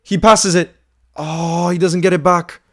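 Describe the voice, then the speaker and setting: A man hosting a live fan watchalong, calling the play, repeating himself, and swinging between frustration and shouting. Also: high-pitched, measured pace. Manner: emotional, swings from frustrated to screaming excitement; calls play by play, repeats phrases.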